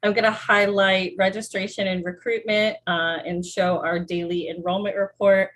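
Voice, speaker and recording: Organized female vice president presenting, brisk, mid pitch. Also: flat delivery, a bit bright, rough recording. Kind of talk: formal presentation.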